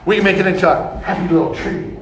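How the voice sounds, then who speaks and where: A mild, soft-spoken male TV painter, put on by a preacher in the middle of a sermon. He reassures in a soothing tone, pitched fairly high. The room around him is echoey. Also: fast talker, distant mic, noisy background, natural voice.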